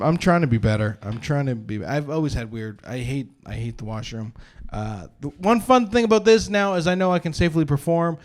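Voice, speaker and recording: A man's voice: medium pitch, a little mellow. A young man doing live stand-up comedy at a brewery show, telling rambling self-deprecating stories with lots of "uh" and restarts.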